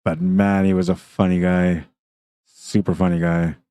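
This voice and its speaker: A man with a low, creaky voice speaks unhurriedly, with no room sound audible. Commentating live on a pool tournament stream from the venue, he's relaxed and talkative, laughs often, and reads viewer comments between shots.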